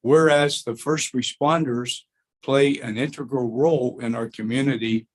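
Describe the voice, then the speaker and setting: A hoarse man chairs a school board meeting. He speaks plainly, clears his throat now and then, and reads a formal resolution at a measured pace. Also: medium pitch, steady tone.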